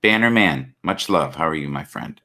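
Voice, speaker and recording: A man's voice: a bass voice, animated, normal speed, bright, forceful tone. A man hosting a live stream, chatting earnestly about forgiveness, love and spirit over a video call. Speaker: livestream host. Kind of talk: casual chat.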